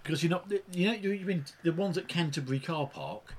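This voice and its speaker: Chatty guy on a podcast, quick lively talker, bit of background noise. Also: fairly high pitch. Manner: animated, chatty, swears mildly. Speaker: podcast co-host. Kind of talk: casual chat over beers.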